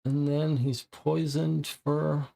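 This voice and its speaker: A man's voice: a little high, level tone, slow, gravelly, dark tone. A man playing a co-op mystery game, casually talking through the clues and sounding puzzled and frustrated. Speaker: co-op game player. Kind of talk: casual live-play chat.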